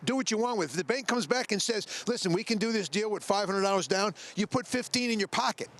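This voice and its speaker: High-voiced pushy car dealer. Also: male voice, quick pace, fairly bright tone. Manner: emphatic, repeats slogans, talks straight to buyers. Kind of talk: sales pitch.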